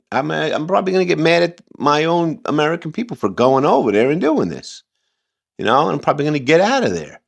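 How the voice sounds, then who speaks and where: A man's voice: on the high side, big pitch swings, quick pace, creaky. A man hosting a casual reaction commentary, rambling and heated, with many fillers and restarts. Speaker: commentary channel host.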